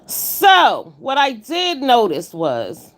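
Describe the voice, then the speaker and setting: A woman's voice: high voice, wildly swooping pitch, extremely slow. Blunt woman host on a casual livestream. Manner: blunt, greets chat viewers by name. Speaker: livestream host reviewing a contest.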